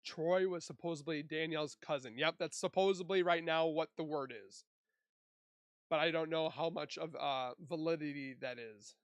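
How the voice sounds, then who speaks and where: A man's voice: fairly high pitch, steady tone, normal speed, clean tone, no room sound. A man from Minnesota hosting a casual livestream, chatting and reading viewer comments aloud into a desk mic. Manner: chatty, reads and answers chat aloud. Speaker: livestream host.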